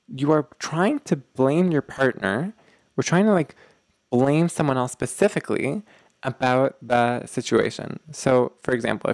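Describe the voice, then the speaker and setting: A man talks through relationship advice on his podcast in a loose, conversational way, circling back to repeat his points. His voice has a gravelly texture at a middling pitch. The recording is dry and close, with no room echo. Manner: casual, repetitive, acts out example quarrels. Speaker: podcast host. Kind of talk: instructional podcast monologue.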